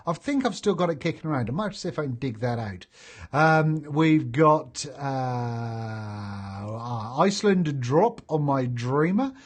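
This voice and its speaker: A man's voice: fairly high pitch, breathy edge. Chatty man reading live chat. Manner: chatty and jokey, laughs often, many fillers. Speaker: host of a live vaping stream. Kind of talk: casual live-stream chat, reading viewer comments aloud.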